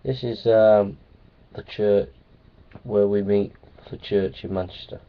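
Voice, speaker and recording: A man's voice: on the low side, fairly even intonation, slow. A man talking casually to his viewers in a rambling, playful way. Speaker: vlogger. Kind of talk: casual vlog talk. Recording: tinny phone-like sound.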